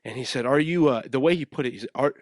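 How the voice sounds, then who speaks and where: A man's voice: mid-range voice, quick pace, dry recording, clean studio sound. Young man telling a rambling story. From West Coast of the USA. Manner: animated, rambling, acts out quotes. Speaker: podcast host. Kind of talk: casual storytelling.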